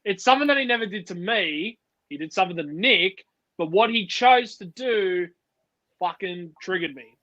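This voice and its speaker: A man with a high, bright voice, speaking as a podcast guest. He talks casually and swears in annoyance, and his audio sounds dull and lo-fi. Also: lively intonation, normal speed.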